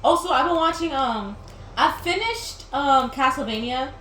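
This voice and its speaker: This gaming video host, a young woman, rambles and laughs through casual chatter while playing, leaning heavily on "like." She speaks at a normal pace in a high-pitched, animated voice that sounds pushed and bright. The room-heavy recording carries game music behind her and slight background noise.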